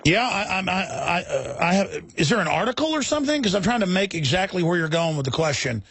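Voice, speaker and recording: A man's voice: high voice, big pitch swings, fast, background noise. A man hosting a talk radio show, ranting in a heated, rambling, emphatic way.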